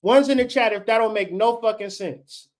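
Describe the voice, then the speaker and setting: A livestream host in his late thirties goes off in an unscripted rant, swearing freely and sounding fired-up and preachy. His pitch sits high, and he keeps a moderate pace.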